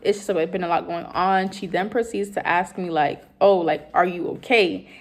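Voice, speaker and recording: A woman's voice: on the low side, fairly even intonation, normal speed. A young woman in college, earnestly telling a personal story in a rambling way with many fillers. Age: young adult. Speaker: college student.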